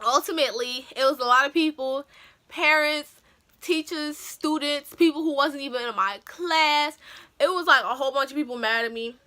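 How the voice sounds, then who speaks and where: A young woman with a high, bright voice tells a story on her vlog. Her telling is loose, slangy and animated, full of casual asides to her viewers. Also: moderate pace. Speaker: vlogger.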